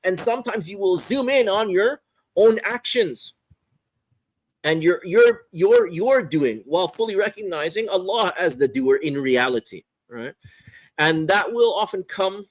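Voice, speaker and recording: A man teaching a religious course, explaining a text in an unhurried lecture and often repeating phrases and asking "right?". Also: high voice, animated, low-quality recording. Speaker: Islamic scholar teaching a course.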